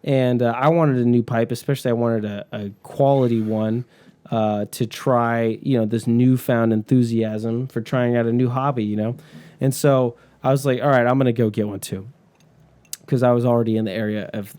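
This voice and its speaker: A man's voice: medium pitch, fairly even intonation, moderate pace, dark tone. A young man co-hosting a podcast, rambling and swearing freely as he laughs his way through a casual chat. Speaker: podcast co-host.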